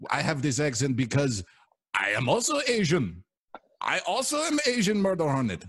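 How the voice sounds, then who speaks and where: A man's voice: a little high, huge pitch swings, moderate pace, fairly bright tone, heavily acted. A man voicing a boastful male murder hornet in broken English with a put-on Indian accent. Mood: menacing. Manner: broken English, menacing and cocky.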